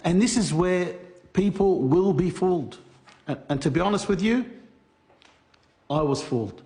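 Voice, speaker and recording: In an animated storytelling interview, a man recounts being scammed, his high, warm voice full of lively intonation. He stumbles through halting restarts and acts out other people's lines as he goes.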